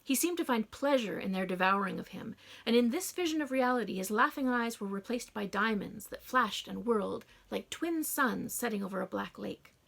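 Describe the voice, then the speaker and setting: A woman narrating a first-person audiobook in a hushed, dramatic reading. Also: on the high side, lively intonation, moderate pace, gravelly.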